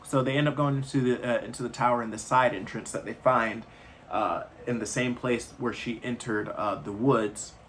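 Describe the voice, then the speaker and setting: A man's voice: mid-range voice, steady tone, moderate pace, fairly bright tone, a little hiss or hum. A man casually retelling a film's plot in a loose, rambling way with slangy asides. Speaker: movie reviewer.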